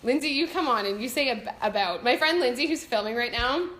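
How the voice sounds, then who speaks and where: Canadian girl vlogging, giggly and chatty, kinda high voice, echoey. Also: expressive, brisk, a bit bright. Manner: chatty, giggly, self-deprecating. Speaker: vlogger answering viewer questions. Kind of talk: casual chat. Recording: echoey room.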